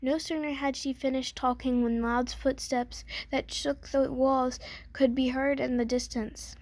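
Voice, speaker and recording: Woman storyteller, high voice, fairy tale read aloud, dry close sound. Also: flat delivery, a little slow, no room sound. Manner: gentle storybook reading with small slips.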